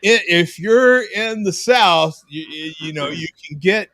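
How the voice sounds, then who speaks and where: A man hosting a casual live-stream chat over a video call, animated, laughing often and cursing casually. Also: high voice, a little slow, dry recording, studio quality. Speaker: host.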